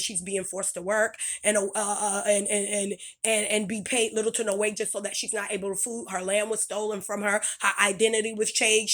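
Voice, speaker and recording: A woman's voice: mid-range voice, a bit bright. A woman speaking, delivering an angry, blunt, profane monologue straight to the listener. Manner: blunt, heated, profane, with many restarts and fillers. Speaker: commentator speaking to camera.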